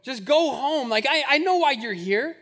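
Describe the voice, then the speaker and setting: A man's voice: very high-pitched, animated, moderate pace, a bit bright, heavily acted. A man playing a scornful older brother. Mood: annoyed. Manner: mocking, dismissive.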